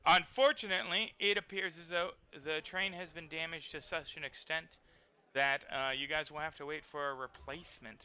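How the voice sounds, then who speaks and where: Bright, clear-voiced male game master. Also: a little high, steady tone, normal speed, highs cut off. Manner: rambling, with many fillers. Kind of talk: narrating a tabletop game.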